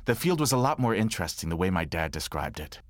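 A man telling a comic story from his childhood in a monologue, wry and animated. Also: deep voice, fast talker, no echo. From New York. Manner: wry, animated, dry humor.

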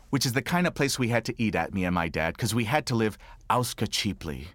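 A man telling a comic story from his childhood in a monologue, wry and animated. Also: on the low side, fairly quick, few pauses, no echo. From New York. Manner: wry, animated, dry humor.

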